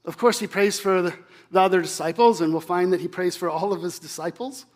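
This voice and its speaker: A man preaching a sermon, dropping from loud emphasis to hushed tones. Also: high voice, brisk. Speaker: pastor.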